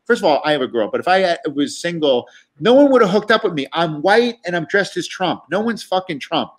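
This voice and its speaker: A man's voice: on the high side, lively intonation, fast talker. A man telling tour stories in a chatty, profane way with many restarts and fillers. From New York. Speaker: guest comedian. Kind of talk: casual storytelling.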